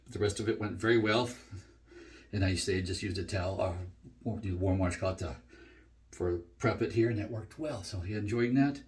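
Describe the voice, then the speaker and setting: A middle-aged man chatting casually through a shave review in his home bathroom, relaxed and full of fillers. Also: fairly low pitch, normal speed. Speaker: shaving vlogger.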